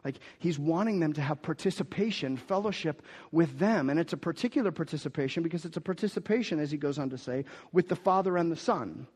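A man preaching a sermon as pastor, swinging from quiet asides to loud, emphatic declarations and repeating key phrases. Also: on the high side, fast, hardly any pauses, husky, in a large hall.

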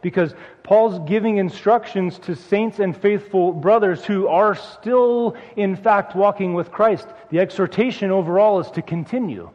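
High-voiced male preacher in a reverberant hall. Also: a little mellow. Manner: earnest, repeats phrases for emphasis, rises when urging. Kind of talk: sermon. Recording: muffled hall recording with long reverb.

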